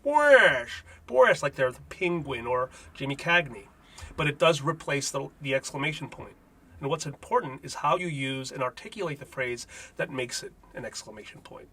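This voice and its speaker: A man, a native Spanish speaker, hosts a comedic language lesson with a bright, slightly raised voice. His tone is a touch husky, and he drops wry asides between explanations. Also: fairly high pitch, a little fast. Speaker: host.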